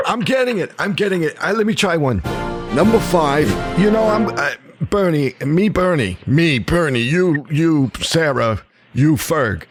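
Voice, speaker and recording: A man doing a clumsy, confused impression of an old politician, halting and stumbling over his words. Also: a little high, lively intonation, music in the background. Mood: bumbling. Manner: halting, stumbling, self-deprecating. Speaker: comedy podcast host.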